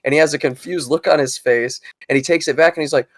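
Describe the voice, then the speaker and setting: A man's voice: a little high, quick pace, hardly any pauses. A man casually telling a rambling story on a podcast, acting out the people in it. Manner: rambling storyteller who acts out quoted voices. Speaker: podcast co-host.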